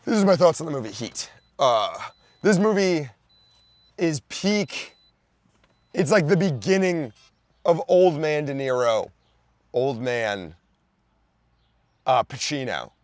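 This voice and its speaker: On his comedy podcast, a young Philadelphia-area host rambles through a movie rant in a fairly high voice with big pitch swings, speaking slowly and pausing often. Fillers, restarts, and abrupt loud bursts pepper his loose delivery, and there is no room sound.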